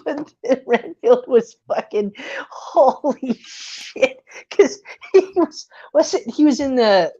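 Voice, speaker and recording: Excitable swearing woman on a lo-fi mic. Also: high voice, slow pace. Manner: excitable, swears often, laughs a lot. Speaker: podcast co-host. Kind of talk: casual movie review chat. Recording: dull lo-fi audio.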